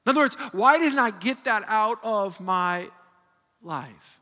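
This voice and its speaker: Pastor man preaching, bright voice, lots of restarts, big echoey church hall. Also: high voice, measured pace. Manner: animated, emphatic, with frequent restarts. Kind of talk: sermon. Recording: long hall reverb.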